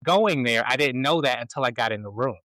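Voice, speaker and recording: A male podcast host, an animated storyteller who laughs often while chatting casually. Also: medium pitch, fairly quick, no room sound, low-quality recording. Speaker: stage performer. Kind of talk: casual conversation.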